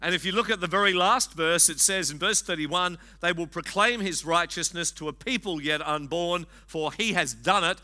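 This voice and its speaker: Bright-voiced pastor preaching. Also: male voice, high-pitched, normal speed, few pauses. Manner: conversational, gently humorous preaching with frequent fillers. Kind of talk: sermon.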